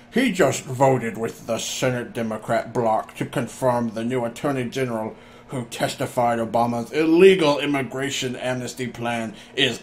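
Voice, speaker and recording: A young man co-hosting a casual podcast, talking quickly and joking, also reading aloud. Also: medium pitch, a little mellow. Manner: quick, joking, laughs often. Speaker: podcast co-host.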